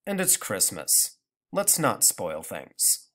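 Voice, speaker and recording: Guy doing a tired dad, low and sighing, trying to keep the peace. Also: sing-song, moderate pace, fairly bright tone. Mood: weary. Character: weary, tolerant middle-aged father.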